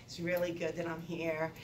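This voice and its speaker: Animated older woman coach, echoey room. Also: low voice, moderate pace, slight background noise. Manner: animated, talkative, rambling with restarts. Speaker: basketball coach. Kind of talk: postgame press conference. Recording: echoey room, distant mic, faint ambience.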